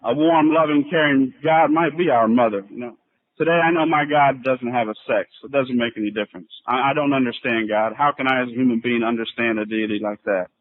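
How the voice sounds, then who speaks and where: A man's voice: medium pitch, brisk, narrow, tinny audio. A middle-aged man speaking at a recovery convention, plain-spoken and storytelling with casual fillers, on an old 1989 tape. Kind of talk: personal recovery talk.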